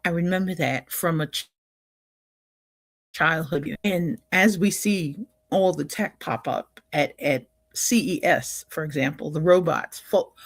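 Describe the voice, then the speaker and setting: A woman's voice: deep voice, a little slow, no echo, studio quality. An older woman hosting a livestream in a casual, upbeat way, often laughing and greeting viewers by name. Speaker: livestream host.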